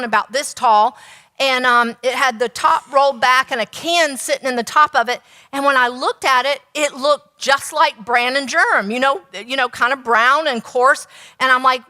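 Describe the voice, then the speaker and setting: A woman's voice: high-pitched, sharp tone, big-room sound. A woman nutritionist giving a teaching talk, telling stories and asking the audience rhetorical questions.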